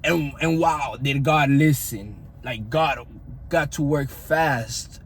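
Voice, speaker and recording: A man's voice: on the high side, takes it slowly, a little hiss or hum. A young man telling his own faith story in an earnest, rambling way, often repeating himself. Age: young adult. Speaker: fitness coach vlogger. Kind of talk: personal faith testimony.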